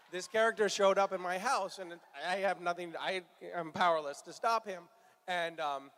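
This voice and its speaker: Guy on a fan con panel, high voice for a man, keeps laughing, lots of ums, super playful. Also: fairly bright tone, slight background noise. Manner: laughs a lot, loose and playful, many ums. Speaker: actor, convention panel guest. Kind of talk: joking convention Q&A chat.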